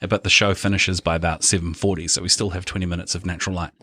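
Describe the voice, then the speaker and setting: A man hosting a podcast, chatty and quick to laugh. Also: low voice, little pitch movement, pushed and bright, husky, no room sound. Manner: chatty, laughs easily, plugs events. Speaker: podcast host. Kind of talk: casual podcast chat.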